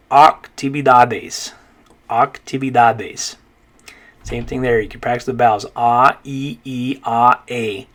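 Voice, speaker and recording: A man teaching a recorded pronunciation lesson, patient, slowly repeating each word and checking in with "okay?". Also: mid-range voice. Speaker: Spanish teacher.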